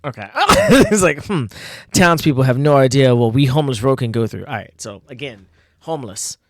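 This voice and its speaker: A man's voice: mid-range voice, lively intonation, brisk, dry recording, clean studio sound. A man casually reading through his own old comic, laughing a lot and poking fun at himself with many fillers. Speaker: comic artist reviewing own old work.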